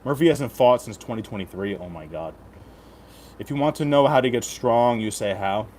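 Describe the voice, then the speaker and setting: A man's voice: mid-range voice, lively intonation, normal speed, darkish tone, a little hiss or hum. Joking, profane man in his thirties. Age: 30s. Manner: joking, profane, reads chat aloud. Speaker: betting picks streamer. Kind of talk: casual live-stream chat.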